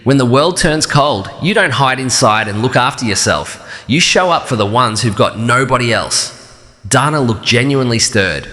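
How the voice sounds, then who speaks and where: A man tells a scripted first-person story in a calm, even, measured delivery. His voice is bright and forward, and each phrase hangs in a long reverb. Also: medium pitch. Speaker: narrator.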